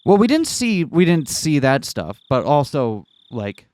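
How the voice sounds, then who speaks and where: A man's voice: fairly high pitch, big pitch swings, a little slow, a little mellow, no echo. A man co-hosting a let's play, chatting casually with stammering restarts and playful asides while reading a visual novel.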